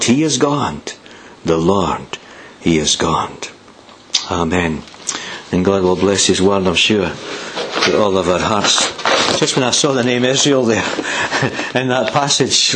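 An older Scottish man preaches from the pulpit. His pitch sits in a middle register. He reads scripture with rises on the quoted lines, then turns to prayer. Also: slight background noise, rough recording. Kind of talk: sermon scripture reading and prayer. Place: church.

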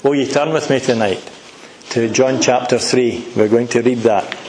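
A man's voice: medium pitch, moderate pace, a little mellow, echoey room, slight background noise. A middle-aged Scottish man preaching a sermon, earnest and emphatic, asking the congregation questions.

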